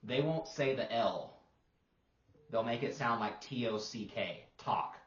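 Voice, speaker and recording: A man's voice: mid-range voice, measured pace, recorded from a distance. A man, a language teacher co-hosting a podcast, explaining patiently in casual talk, demonstrating sounds and using plenty of fillers. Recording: roomy, dull lo-fi sound.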